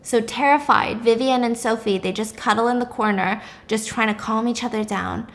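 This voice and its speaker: A woman's voice: fairly high pitch, moderate pace, hardly any pauses. A young woman vlogger narrating a story casually, with blunt, emphatic asides.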